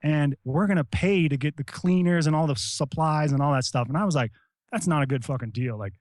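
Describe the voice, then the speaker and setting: A middle-aged American man, a retired Army Ranger, telling stories in casual talk, animated and profane, shouting out the lines he quotes. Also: fairly high pitch, brisk, no echo, studio quality. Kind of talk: casual storytelling.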